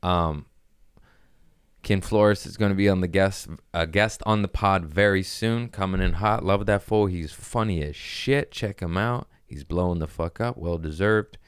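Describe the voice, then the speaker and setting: A man's voice: deep voice, a little slow, clean tone, dry recording. A man hosting a comedy podcast, telling stories in a laid-back, slangy, profane way close to the mic. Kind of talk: casual storytelling chat.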